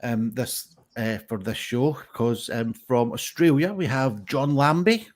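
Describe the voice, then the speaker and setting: A man's voice: medium pitch, slow. A man hosting a live online pun contest over a video call, chatty and rambling with many fillers. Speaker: host. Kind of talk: casual live stream hosting.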